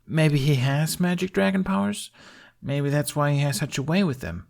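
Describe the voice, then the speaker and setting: A man's voice: a little high, lively intonation, moderate pace, creaky, darkish tone, pitched above the performer's own voice. A man reading fan fiction aloud, voicing a sly young girl who drawls in an offhand way. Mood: nonchalant.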